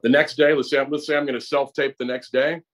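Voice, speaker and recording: A middle-aged American man talking through his craft as an interview guest. He is an actor and teacher with a mid-pitched voice, and he explains things at length. He often restarts his sentences and repeats words as he goes. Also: level tone, quick pace, low-quality recording. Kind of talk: conversational interview. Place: acting studio.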